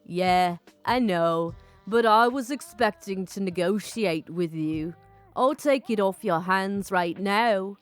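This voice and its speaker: A woman voicing a pushy middle-aged man haggling over a car, in a put-on accent that keeps drifting, with a deeper voice than her own. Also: takes it slowly, smooth, faint music behind, natural voice.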